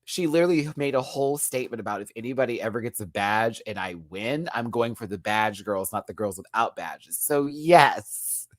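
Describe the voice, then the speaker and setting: A man hosting a live review of a reality show, talking in an animated, slangy way. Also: lowish voice, moderate pace, few pauses, no room sound, studio quality. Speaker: show host.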